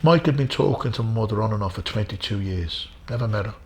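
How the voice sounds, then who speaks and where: Gravelly Irish man telling stories earnestly. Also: fairly low pitch, expressive, fast, a little hiss or hum. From Ireland. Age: middle-aged. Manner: earnest, repetitive, addresses the host by name. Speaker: interview guest, former boxer. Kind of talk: emotional storytelling.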